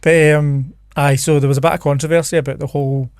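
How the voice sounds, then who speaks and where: Laid-back Scottish male co-host, gravelly fry, slightly higher voice, fact-sharing chat. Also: level tone, fast talker, a little mellow, dry recording, studio quality. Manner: laid-back, shares researched facts. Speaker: podcast co-host. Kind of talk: casual chat.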